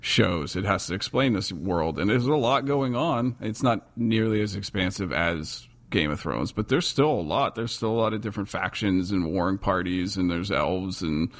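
American guy, casual podcast co-host, low gravelly voice, rambling. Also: animated, normal speed, few pauses. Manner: rambling, self-mocking. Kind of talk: casual chat.

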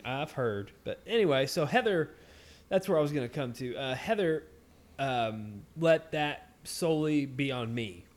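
A man's voice: medium pitch, expressive, measured pace. A man with a mid-range voice co-hosts a crude podcast chat. He swears constantly and pads his sentences with "like" and "uh." His delivery is loose and unpolished. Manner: heavy swearing, many fillers and restarts. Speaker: podcast co-host. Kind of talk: casual crude podcast banter.

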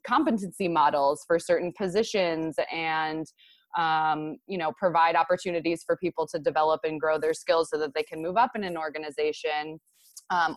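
A woman's voice: fairly low pitch, no echo. A woman co-hosting a podcast, talking casually and chattily with frequent fillers. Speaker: podcast co-host.

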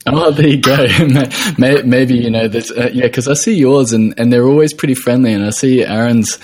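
A man's voice: medium pitch, moderate pace, darkish tone. A man hosting a podcast, talking casually and encouragingly, with frequent stammered restarts. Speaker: podcast host. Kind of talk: casual interview talk.

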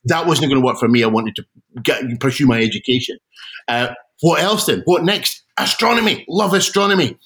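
Lively Scottish auctioneer telling stories. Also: male voice, mid-range voice, brisk, low-quality recording. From Scotland. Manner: animated, self-deprecating, frequent restarts. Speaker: guest auctioneer. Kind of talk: casual interview storytelling.

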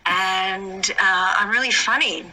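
A woman's voice: medium pitch, takes it slowly, sharp tone, a little hiss or hum, poor audio. An Australian woman giving a playful, self-mocking recorded thank-you message as an award winner. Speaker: guest giving a recorded acceptance speech.

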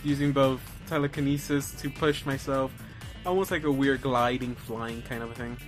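A man's voice: mid-range voice, steady tone, moderate pace, faint music behind. A man playing a character in a tabletop role-playing game, talking hesitantly with many uhs and restarts. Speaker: player. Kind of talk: casual tabletop role-play.

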